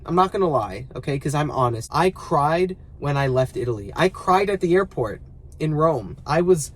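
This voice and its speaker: Whiny, dramatic man venting. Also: on the high side. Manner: dramatic, mock-complaining, exaggerated. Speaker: vlogger. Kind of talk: casual vlog monologue. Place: parked car.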